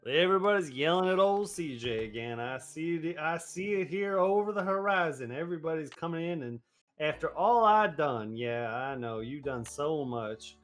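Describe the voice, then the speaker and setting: High-voiced man in a put-on cowboy drawl. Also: animated, normal speed, fairly bright tone, soft background music. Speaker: game streamer. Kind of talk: casual live-stream chat.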